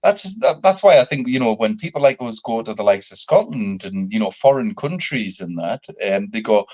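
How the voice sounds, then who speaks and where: A man's voice: on the low side, moderate pace. North-east english guy in casual chat, voice jumps around a lot, dull muffled sound. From North East England. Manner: animated, swearing, laughing.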